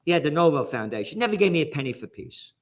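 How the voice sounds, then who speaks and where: Fired-up New York-accented guest, slightly high-pitched, ranting. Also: male voice, big pitch swings, fast. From the Bronx, New York. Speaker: guest commentator. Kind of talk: heated political commentary.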